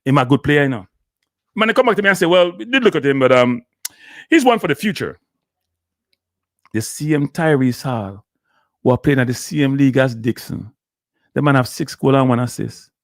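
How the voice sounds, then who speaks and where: A man's voice: medium pitch, lively intonation, normal speed, long pauses, no room sound, clean studio sound. A man with a Jamaican accent hosting a live show, ranting and scolding in patois. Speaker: host. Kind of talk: heated live commentary.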